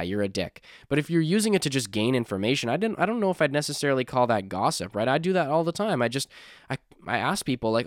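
Young male podcast host, casual monologue, rambling, smooth clear voice, dry close sound. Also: mid-range voice, no room sound. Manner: rambling, self-correcting, apologetic asides.

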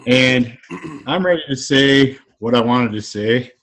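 A man's voice: medium pitch, a little slow, a bit bright. A middle-aged man in casual banter, wry and profane, telling a self-deprecating story about a wedding speech.

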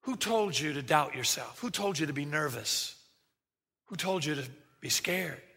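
Pastor, male, bright high voice, animated sermon delivery, big echoing hall. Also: normal speed, vocal fry, breathy edge. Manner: animated, acts out quoted voices, jokey asides. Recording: reverberant hall sound.

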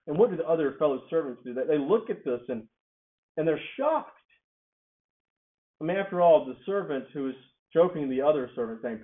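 Dynamic male preacher, tinny sound. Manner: rises high and loud on key words, drops low and soft. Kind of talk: sermon.

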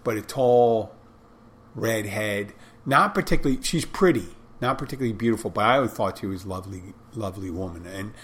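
Man, low voice, casual monologue, rambling, blunt. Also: fairly quick, a bit bright, a little hiss or hum. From United States. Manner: rambling, many restarts and asides.

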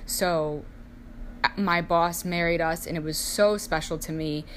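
A woman's voice: on the low side, steady tone, measured pace, slight background noise. Chatty young woman telling family stories. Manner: chatty, heavy use of "like", acts out family voices. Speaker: storyteller sharing personal life. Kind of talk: casual personal storytelling.

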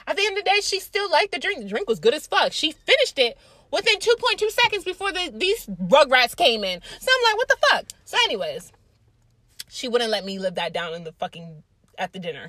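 This young woman tells her story in a bright, forceful voice, swearing freely and filling gaps with "like" and "um". Her delivery is animated and chatty. The recording is dry and close, with no room sound. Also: on the high side, no room sound. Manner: profane, animated storytelling with lots of fillers. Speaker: vlogger. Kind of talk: casual storytime chat.

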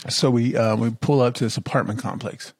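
A man's voice: mid-range voice, brisk, breathy edge, no echo, studio quality. Jokey man in podcast banter. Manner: jokey, boastful, animated storyteller. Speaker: podcast co-host.

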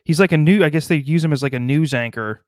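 A man's voice: fairly high pitch, no echo, studio quality. A man co-hosting a podcast in casual comedic chat, riffing and swearing freely. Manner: riffing, profane, does quick mock voices. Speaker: podcast co-host.

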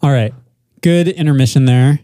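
A young man hosting a casual podcast, running through segments in a relaxed way. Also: mid-range voice, normal speed, no room sound, clean studio sound. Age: young adult. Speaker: podcast host. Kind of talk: casual chat.

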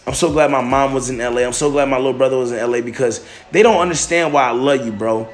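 A man's voice: medium pitch, quick pace. A man hosting a solo podcast, talking loosely with lots of restarts and fillers. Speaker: podcast host. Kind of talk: casual solo podcast monologue. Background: faint music.

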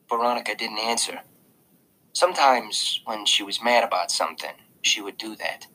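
A man's voice: fairly low pitch, moderate pace, pushed and bright, low-quality recording. A man reading a first-person audiobook narration in a casual, confiding way.

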